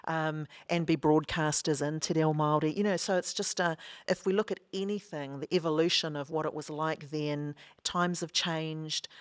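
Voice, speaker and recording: A New woman speaking in an earnest, measured way, with frequent pauses and fillers, in a reflective discussion. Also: sits low, clear, resonant tone, no echo, clean studio sound.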